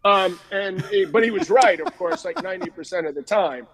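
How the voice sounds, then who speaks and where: A man's voice: sits high, big pitch swings, brisk, low-quality recording. An older man telling stories in a casual interview, rambling and self-deprecating with many restarts. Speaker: guest.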